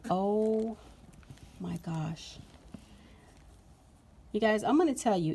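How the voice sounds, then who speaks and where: A woman vlogger chatting casually to camera while unboxing, gushing and excitable with drawn-out exclamations. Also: medium pitch, husky.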